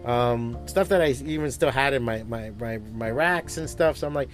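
A man who owns a comic book shop, talking in a casual podcast monologue, swearing often and rambling through animated stories. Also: medium pitch, moderate pace, faint music behind. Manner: profane, rambling, animated storytelling.

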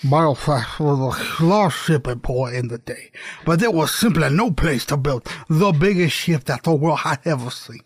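A man's voice: fairly high pitch, expressive, normal speed, breathy edge, dry recording. A young man co-hosting a podcast, joking around and laughing often in casual chat. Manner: joking, laughs often, breaks into silly bits. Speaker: podcast co-host.

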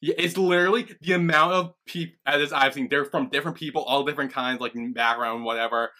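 Podcast guy going over an episode, bright edgy voice, swears a bunch. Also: fairly high pitch, steady tone, fast talker. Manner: recaps scenes, swears casually. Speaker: podcast co-host. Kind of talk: casual chat.

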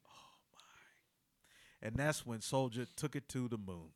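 A man hosting a studio talk show, telling a story with great energy and acting out the quotes with sudden loud outbursts. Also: mid-range voice, lively intonation, unhurried, no room sound. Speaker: radio show host. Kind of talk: animated casual studio banter.

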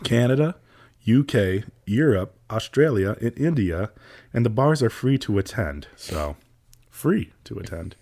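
A man's voice: medium pitch, animated, unhurried, a little mellow. A man hosting a casual podcast on a studio mic, playful and laughing as he steers the conversation. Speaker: podcast host.

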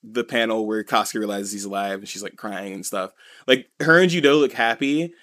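A man's voice: on the low side, a little fast, fairly bright tone. Rambling, filler-heavy man on a podcast. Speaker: podcast co-host. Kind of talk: casual chat recapping a comic.

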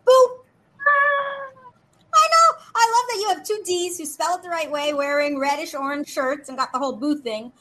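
A woman chatting as a guest in a lively, playful, flirty way, joking as she talks. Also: sits high, normal speed. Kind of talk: lively casual chat.

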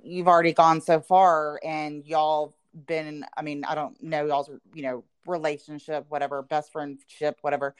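Woman on a podcast, low voice, dry close sound, thinking out loud. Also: level tone, normal speed, hardly any pauses, clear, resonant tone, no room sound. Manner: reflective, speaks in southern "y'all", many "you know" fillers. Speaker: podcast co-host. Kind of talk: casual chat.

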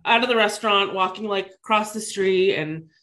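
A woman in her thirties, with a medium-pitched voice and a moderate pace, animatedly retells a personal story to her co-host. She's casual and chatty, filling gaps with lots of "like."

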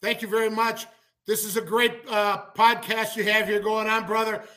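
Brash, bright-voiced man. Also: high voice, flat delivery, normal speed. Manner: brash, loose, calls people brother. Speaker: wrestling promoter guest. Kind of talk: casual interview chat.

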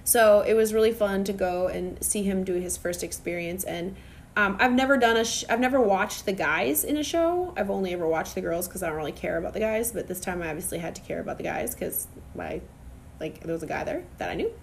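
A woman's voice: mid-range voice, a little fast, vocal fry. Young woman vlogging to camera, chatty and rambly, bit of noise in the back. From Minnesota. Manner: chatty, lively storytelling with frequent fillers and asides. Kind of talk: casual chat to camera.

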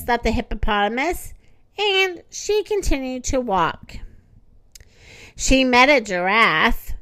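A woman reading a children's storybook aloud in a gentle, expressive way. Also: a little high, unhurried, no room sound.

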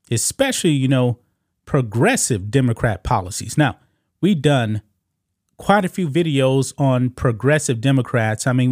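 A man's voice: mid-range voice, darkish tone, no echo, studio quality. A man hosting casual political commentary, talking straight to viewers as guys and scoffing as he reads news quotes. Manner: talks straight to viewers, calls them guys.

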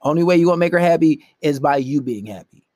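A young man rants into his laptop at night, casual and crude, rambling through blunt dating advice. His voice sits a little high for a man. The sound is close and dry, with no room echo. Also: animated, fast talker, a little mellow. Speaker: podcast host.

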